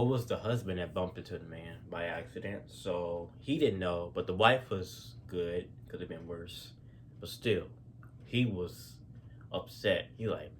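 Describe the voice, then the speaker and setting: A man's voice: deep voice, slight background noise. A man telling stories in a casual, rambling way, full of fillers, restarts and slang. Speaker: storyteller. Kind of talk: casual spoken storytelling.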